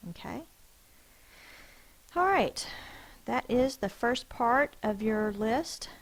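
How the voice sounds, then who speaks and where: Slow, careful woman teacher. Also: a little high, expressive, rough recording. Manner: slow, careful sounding out of words. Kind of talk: phonics lesson for students.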